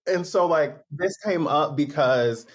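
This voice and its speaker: Man, guest author, somewhat high pitch, conversational, filler-heavy. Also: takes it slowly. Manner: talks things through, leans on "like" and "right?". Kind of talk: casual chat.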